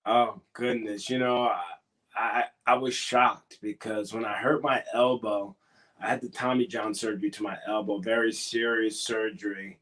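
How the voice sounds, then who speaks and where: A man's voice: fairly low pitch, level tone, normal speed, a bit bright. A man who wrestles professionally, answering questions in a casual interview, earnest and a bit hesitant, encouraging at times.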